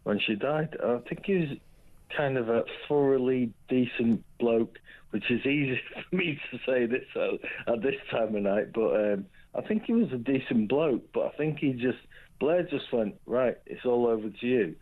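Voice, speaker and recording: A man's voice: medium pitch, expressive, normal speed. A man calling in to a radio show, chatty, jokey and meandering. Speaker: caller. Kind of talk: casual phone-in chat. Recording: tinny phone line.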